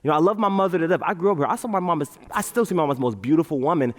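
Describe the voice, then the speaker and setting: A man giving a playful, animated motivational talk on a large auditorium stage, leading the crowd in chants. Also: on the high side, very fast. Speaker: motivational speaker. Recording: reverberant hall.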